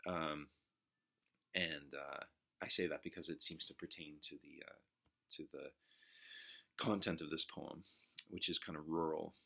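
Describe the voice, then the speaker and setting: A man gives a reflective lecture on poetry to his class. His voice sits deep yet carries a bright, forceful edge. He pauses often and fills gaps with soft hesitations as he thinks aloud. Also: steady tone, vocal fry. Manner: reflective, halting with frequent fillers. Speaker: literature teacher.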